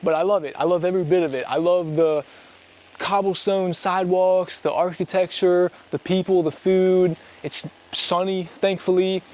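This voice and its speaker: A man's voice: high voice, fairly even intonation, moderate pace, a little mellow. A young American man talking casually to the camera on a solo travel vlog, chatty and enthusiastic about what he sees around him outdoors. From United States. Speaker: travel vlogger. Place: outdoors on a sunny hillside.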